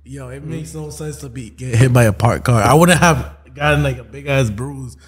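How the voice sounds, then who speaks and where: A man's voice: medium pitch, moderate pace. A young man co-hosting a podcast, telling stories in a loose, slangy, laughing way. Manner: laid-back storytelling, slangy, laughs often. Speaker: podcast co-host. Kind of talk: casual chat.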